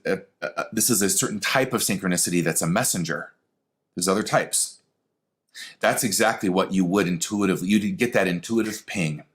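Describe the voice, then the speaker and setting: A man giving a spoken lesson on intuition, animated and conversational, talking straight to the listener. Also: lowish voice. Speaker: spiritual teacher. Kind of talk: teaching lesson.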